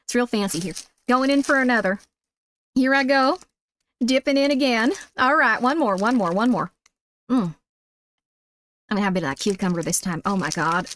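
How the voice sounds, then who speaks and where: Squeaky woman with a put-on Southern drawl. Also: normal speed, pauses often, fairly bright tone. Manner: sweet, effusive, calls viewers sweetie. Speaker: streamer. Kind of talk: casual livestream chat.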